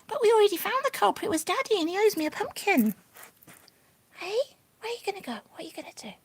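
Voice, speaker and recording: A woman's voice: very high voice, very animated, fast talker. A woman on a home live stream, coaxing and cooing at her pet rabbit in sing-song baby talk. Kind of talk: doting chat to a pet rabbit. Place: living room at home.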